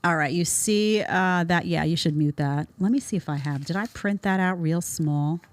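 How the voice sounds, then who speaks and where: A woman's voice: lowish voice, normal speed, loud music behind the voice. A woman host giving a blunt, sarcastic commentary monologue, mocking the people she talks about with put-on voices. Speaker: show host.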